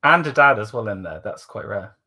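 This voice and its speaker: A man's voice: on the low side, expressive, fairly quick, bright, forceful tone. A man chatting casually as co-host over a video call, a self-described curmudgeon who stammers into his sentences. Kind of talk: casual chat commenting on videos.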